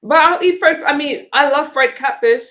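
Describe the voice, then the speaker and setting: A chatty woman hosting a live stream, her voice sitting fairly high. She rambles through casual talk and laughs easily. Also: moderate pace, fairly bright tone. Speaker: streamer host.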